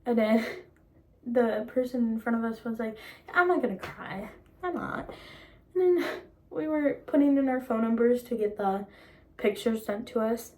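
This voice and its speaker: A young woman vlogging casually, excited and disbelieving, rambling with many fillers as she tells her story. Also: a little high, moderate pace.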